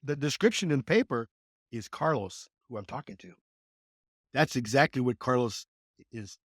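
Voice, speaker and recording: A man in his sixties tells his story with swinging, expressive intonation, jumping up in pitch whenever he voices someone else. His voice sits in a middle register and the recording is close and dry, with no room sound. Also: normal speed, breathy edge, no echo. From California. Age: 60s. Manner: animated, acts out quoted dialogue with lively pitch jumps. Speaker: podcast guest. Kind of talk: conversational storytelling.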